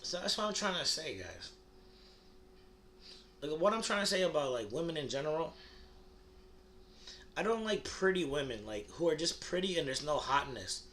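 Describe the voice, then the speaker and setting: Rambling crude man with a slightly high voice. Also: sing-song, normal speed, long pauses, a bit bright, a little hiss or hum. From United States. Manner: rambling, crude and provocative, filler-heavy with many restarts. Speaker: comedy vlogger. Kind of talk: rambling comedic monologue.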